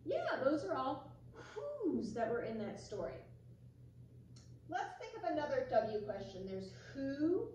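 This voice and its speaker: A woman in her forties reads a story and teaches small children, gentle and unhurried. Her high voice moves about a lot. She sounds far from the mic in an echoey room. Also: huge pitch swings, highs cut off, slight background noise. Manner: gentle, slow, talks to children. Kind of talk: storybook reading and kids' lesson.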